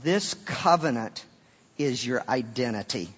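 A pastor preaching a sermon, swinging from loud emphatic peaks to quiet offhand asides and often repeating words. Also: male voice, medium pitch, expressive, unhurried, husky. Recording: dull sound with long hall reverb.

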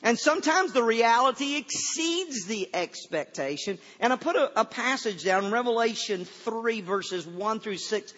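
A man's voice: very high-pitched, expressive, a little slow, few pauses, fairly bright tone. An older man, a pastor, preaching a folksy sermon and often repeating his first words before a thought. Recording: dull sound with long hall reverb.

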